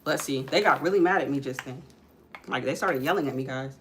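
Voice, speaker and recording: A woman's voice: a bass voice, a little fast, fairly bright tone, slight background noise. A young woman chatting casually through a live makeup stream, calling her viewers guys and breaking off to tell her kids to stop climbing on things. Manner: frequent ums while working. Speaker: makeup vlogger and mother.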